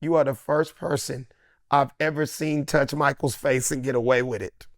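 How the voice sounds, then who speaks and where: A man voicing an adult male friend who gives an urgent, stern warning in a lowered voice. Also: steady tone, moderate pace, dry recording, studio quality, natural voice.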